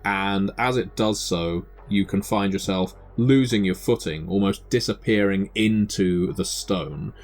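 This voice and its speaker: A man with a fairly low voice runs a tabletop game, describing the scene at a measured pace. He pauses on fillers as he builds the picture. Faint music plays under his voice. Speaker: game master.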